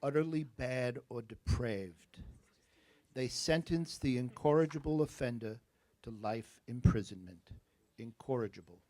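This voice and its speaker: A man with a New Jersey accent, working as a spelling bee pronouncer. He reads words, definitions and example sentences in a measured, deliberate way and drops in joking asides. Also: mid-range voice, warm tone.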